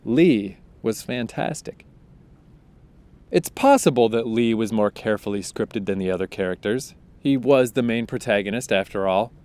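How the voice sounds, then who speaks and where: A man reads his own book aloud, then breaks off into loose, profane rants full of strong opinions. His voice sits in an ordinary middle pitch. He is recording outdoors. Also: a little mellow. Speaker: audiobook author and podcaster.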